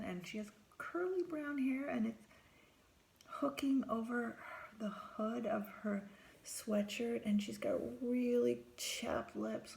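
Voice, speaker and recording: A middle-aged woman, a therapist, telling a first-person story, acting out her own lines in a higher voice and dropping to a whisper for her inner thoughts. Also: unhurried, creaky, darkish tone, a little hiss or hum.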